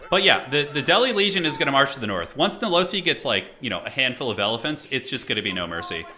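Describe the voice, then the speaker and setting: A young man streaming and chatting excitably as he commentates a multiplayer strategy game, laughing often. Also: medium pitch, fast talker.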